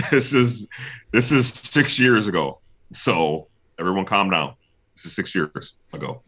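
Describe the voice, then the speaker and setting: A man's voice: low-pitched, pushed and bright. A young man guesting on an interview show, telling a story casually, acting out what other people said and laughing often. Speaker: guest, pro wrestler.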